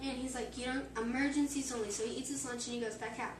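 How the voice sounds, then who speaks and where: A woman's voice: high-pitched, steady tone, fast talker. A teenage girl telling a long joke to friends in a chatty, rambling way, full of "like" and "he's like". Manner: chatty, filler-heavy storytelling. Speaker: joke teller. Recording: far-off echoey room with loud background noise.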